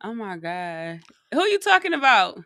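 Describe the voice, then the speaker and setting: Gravelly, bright-voiced teasing woman podcaster. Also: mid-range voice, sing-song, moderate pace, dry recording, clean studio sound. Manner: teasing, laughs often, talks back loosely. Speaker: co-host. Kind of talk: casual podcast banter.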